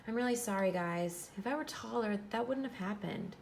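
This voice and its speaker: A woman voicing an eager, self-doubting young boy in a pitched-up, earnest storybook voice. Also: normal speed, gravelly, a little hiss or hum, natural voice. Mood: apologetic.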